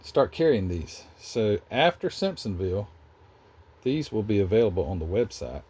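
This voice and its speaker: A man's voice: on the low side, big pitch swings, normal speed, darkish tone, breathy edge. A man with a Southern US accent, hosting a casual, rambling chat about model car building in his hobby workshop. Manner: rambling, chatty, self-interrupting.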